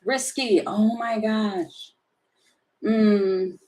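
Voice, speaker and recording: A woman's voice: mid-range voice, steady tone, drawn-out words, dark tone. A woman doing a casual live tarot reading, chatty and opinionated, rambling with many fillers and asides. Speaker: tarot reader.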